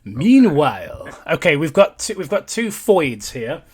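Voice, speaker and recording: A man hosting a group comedy reading, joking crudely and quickly. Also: fairly high pitch, sing-song, a little mellow, breathy edge. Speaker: host.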